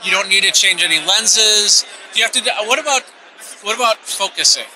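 A man's voice: high-pitched, brisk, pushed and bright, slight background noise, poor audio. A man hosting a tech show, interviewing an exhibitor on a trade show floor in a jokey, playful way. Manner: jokey, playful with running gags.

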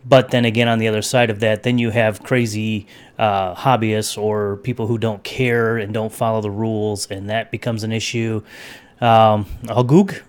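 A man's voice: on the low side, little pitch movement, normal speed, clean tone. A man hosting a casual livestream over his webcam, rambling between topics and greeting chat viewers by name. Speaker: livestream host.

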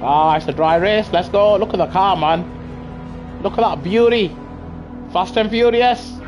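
A man casually chats on a live stream, answering viewers in slangy, easygoing bursts. His voice sits a little high for a man. Clear music and engine noise run behind his headset mic. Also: normal speed. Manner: chatty, answers chat, slangy. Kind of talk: casual live-stream chat over gameplay. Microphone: gaming headset. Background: car engine noise and music.

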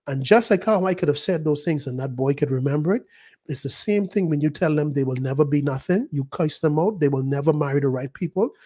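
A middle-aged man preaching a sermon as pastor, praying aloud and telling a personal story, swinging between loud and hushed. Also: on the high side, a little fast. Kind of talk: sermon with prayer.

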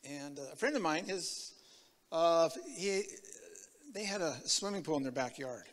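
A man from Tacoma, Washington, giving a sermon with his personal testimony, telling it in an animated way that swings from loud to hushed. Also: a little high, a little slow, big-room sound. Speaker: guest preacher. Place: church sanctuary.

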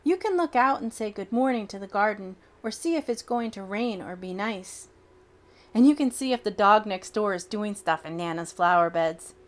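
A woman reading a children's picture book aloud in an expressive, childlike storytelling manner. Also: mid-range voice, moderate pace.

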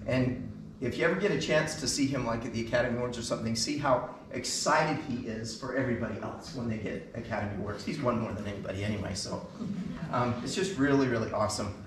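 A man's voice: medium pitch, quick pace. Brief: middle-aged man, eager storyteller onstage, some distance from the mic, hall echo, faint room noise. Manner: enthusiastic anecdotal storyteller, many fillers. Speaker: band concert speaker. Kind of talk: storytelling from stage.

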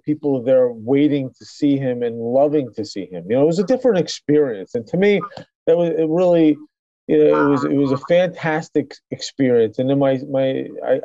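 A man's voice: medium pitch, warm tone, no echo, highs cut off. A middle-aged man, a chiropractor, telling his story in a casual interview with many restarts and fillers. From New York. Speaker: chiropractor guest.

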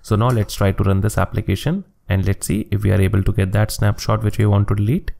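A man hosts a screen-recorded programming tutorial, explaining each step as he does it. His voice sits fairly low with a gravelly fry, and he keeps a steady, methodical pace. Keyboard clicks can be heard around him. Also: quick pace. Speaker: coding tutorial host.

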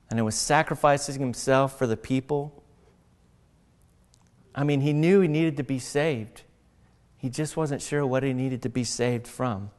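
A male pastor giving a sermon, reading scripture aloud and then preaching with animated, acted-out voices. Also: medium pitch, big-room sound. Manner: animated, acts out mocking voices.

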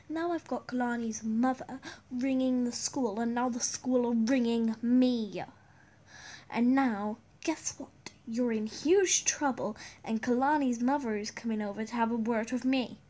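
Young woman as furious mom, high voice, slow and loud, amateur drama. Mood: angry scolding. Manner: loud and exasperated. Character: angry scolding mother of a teen girl.

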